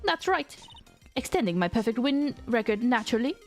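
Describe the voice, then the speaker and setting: A woman performs a proud young female prosecutor who talks down to everyone, scornful and imperious. The voice sits high and leaps around in pitch as she snaps out each line. Faint game music plays underneath. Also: sing-song, moderate pace. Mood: haughty. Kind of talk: reading game dialogue aloud.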